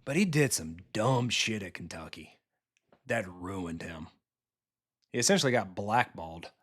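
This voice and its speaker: A man chatting with his viewers as he plays a football video game live. He talks in a loose, blunt way, swears freely and reacts fast to each play. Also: lowish voice, lively intonation, fairly bright tone. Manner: casual, blunt and profane, quick reactions to the game.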